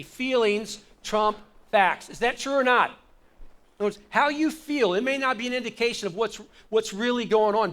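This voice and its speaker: A man's voice: high voice, fairly bright tone. A middle-aged man preaching a sermon as pastor in a church, talking conversationally and rising to emphatic calls. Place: church sanctuary.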